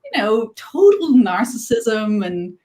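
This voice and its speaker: A woman's voice: a little high, sing-song, takes it slowly, mellow. A woman author chatting on a video call, laughing often and talking with many fillers and restarts. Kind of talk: casual conversation on a livestream.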